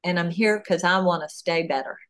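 On a podcast, a female author appears as a guest and talks through her ideas animatedly, with plenty of fillers. Her pitch is fairly low and her pace brisk.

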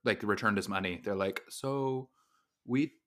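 Male podcast co-host, bright forceful tone, dry wit. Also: on the low side, unhurried. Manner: wry, joking asides. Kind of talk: casual chat.

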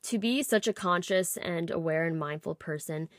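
A woman's voice: on the low side, normal speed, dry recording, studio quality. A woman in her twenties hosting a podcast, telling a personal story in a candid, confessional way with light laughs. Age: 20s. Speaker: podcast host.

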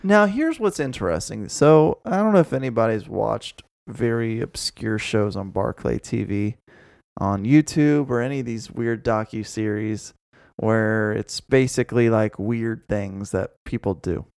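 A man's voice: fairly low pitch, vocal fry, a little mellow, no room sound, clean studio sound. Swearing male podcast co-host. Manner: swearing, quick interjections. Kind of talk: casual chat.

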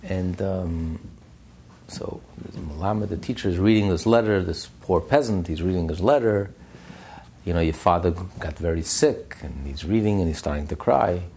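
A man lecturing a study class, animated and emphatic, repeating phrases for stress. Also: sits low, normal speed, a little hiss or hum. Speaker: Torah class teacher.

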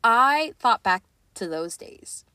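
A woman's voice: on the high side, very animated, takes it slowly, pushed and bright, no echo. Earnest chatty young woman, dry sound. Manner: earnest, chatty, many "like" and "right?" fillers. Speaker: podcast host. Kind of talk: casual confessional chat.

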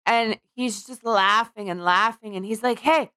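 A woman's voice: medium pitch, moderate pace, clear, resonant tone, no room sound, studio quality. Giggly woman telling a story on a podcast. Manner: animated storyteller, laughs often. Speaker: podcast co-host. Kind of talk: casual comedic chat.

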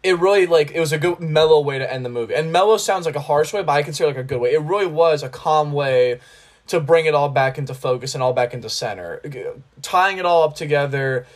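A man with a slightly raised pitch hosts a casual podcast chat about a film. He talks with enthusiasm and rambles, often breaking off and restarting his sentences. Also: fast talker. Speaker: podcast host.

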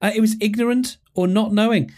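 A man hosting a casual solo podcast, thinking aloud in an animated, self-mocking way with many restarts. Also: high-pitched, fairly quick. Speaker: podcast host.

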